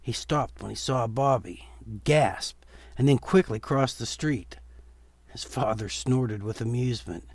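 A man reading a Halloween horror story aloud in a steady, measured storytelling voice. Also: mid-range voice, dry recording. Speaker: narrator. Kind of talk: storytelling narration.

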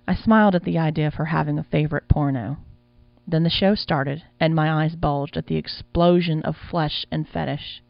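A man's voice: a little high, steady tone, moderate pace, creaky, no room sound. A man reading a first-person audiobook in a wry, casual storytelling manner. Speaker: audiobook narrator. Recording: dull lo-fi sound.

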